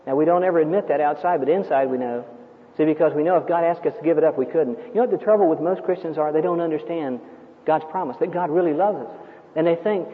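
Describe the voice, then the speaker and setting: A high-voiced man delivers a fast, emphatic sermon, telling stories and firing rhetorical questions at his listeners. The thin, phone-like recording carries a long hall reverb behind his words.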